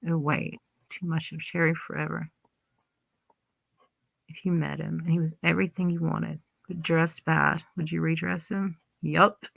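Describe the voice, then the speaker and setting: A woman's voice: sits low, fairly even intonation, normal speed, gravelly, sharp tone, no echo. A woman hosting a livestream, chatting casually and rambling as she reads and answers live comments. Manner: rambling, chatty, many restarts. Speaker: livestream host.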